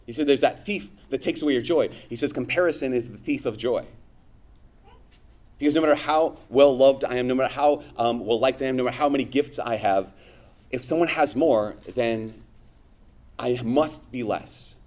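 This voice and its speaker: A man giving a conversational sermon to his congregation, animated, with frequent asides. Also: mid-range voice, moderate pace. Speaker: priest.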